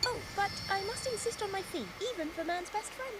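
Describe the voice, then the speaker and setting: A woman reading game dialogue aloud, voicing a spirited young female detective with a brisk, cheeky, matter-of-fact manner. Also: very high-pitched, expressive, background noise, pitched above the performer's own voice. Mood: teasing. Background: game music.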